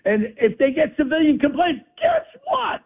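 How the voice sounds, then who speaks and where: Radio phone-in guest, New man, high and strident, blustering political tirade, phone-quality audio. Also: huge pitch swings, normal speed. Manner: combative, insulting, blustering. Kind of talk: angry political rant. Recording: tinny phone line.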